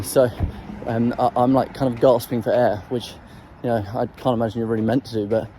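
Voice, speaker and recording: Mellow-voiced man rambling about singing. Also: medium pitch, fairly even intonation, brisk, hardly any pauses, a little hiss or hum, low-quality recording. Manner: rambling, hesitant, full of ums and restarts; demonstrates throat sounds while talking. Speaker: voice coach sharing singing tips. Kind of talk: casual explanatory vlog.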